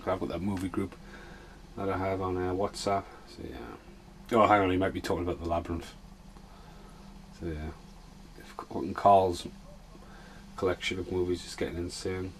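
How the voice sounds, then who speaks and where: A man's voice: deep voice, flat delivery, moderate pace, long pauses, slight background noise. A man casually chatting and swearing his way through a film commentary for his podcast. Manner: swears a lot, chatty and offhand.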